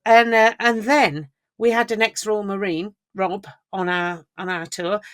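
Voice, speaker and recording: A woman co-hosting a podcast, telling travel stories in lively casual chat and laughing often. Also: medium pitch, measured pace, dry recording, clean studio sound. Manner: chatty, animated storyteller who laughs often. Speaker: podcast co-host.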